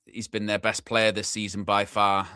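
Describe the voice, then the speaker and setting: A young man hosting a live football watchalong, chatty and excitable, shouting when his team scores. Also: fairly low pitch, normal speed, clean tone, no echo, clean studio sound. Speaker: fan watchalong host.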